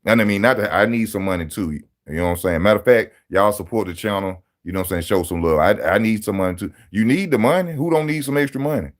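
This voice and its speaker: A man hosting a live boxing channel stream, talking straight to his viewers in loud street-style banter, mocking and teasing. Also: fairly low pitch, fast talker, hardly any pauses.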